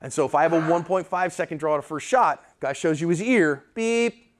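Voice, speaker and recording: High-voiced, blunt firearms instructor man. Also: a little fast, a little hiss or hum. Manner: emphatic and blunt, checks in with the class. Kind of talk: live classroom lecture.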